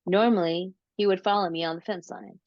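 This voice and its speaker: This is a lower-pitched woman, recorded dry and close with dull, lo-fi sound. She talks slowly and casually, drawing out her story with plenty of "um"s and restarts. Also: steady tone, dry recording. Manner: slow, drawn-out storytelling with many fillers. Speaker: interview guest, paranormal researcher. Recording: dull lo-fi audio.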